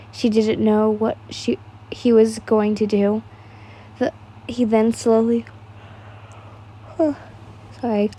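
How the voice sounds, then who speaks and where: A woman's voice: fairly high pitch, dark tone. A young woman casually reading fan fiction aloud, stumbling over words and laughing at the text.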